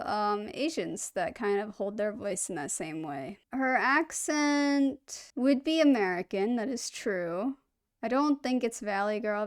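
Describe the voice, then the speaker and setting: A woman hosts a casual reaction video, pausing often as she searches for the right words. Her voice sits at a middle pitch, and she thinks aloud in a relaxed, unhurried way. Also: smooth. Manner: thoughtful, hesitant, searching for words.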